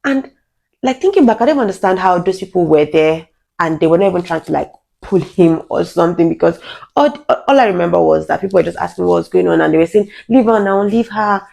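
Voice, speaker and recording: A young woman with a lowish, gravelly voice tells a personal story straight to the camera. She talks earnestly and frankly, with halting restarts as she goes. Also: warm tone. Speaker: vlogger.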